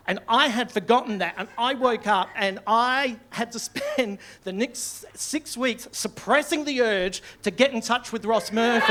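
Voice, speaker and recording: High-voiced Australian stand-up comedian. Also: male voice, moderate pace, heavy background noise. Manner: conversational storytelling, tag questions, swearing. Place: comedy club stage.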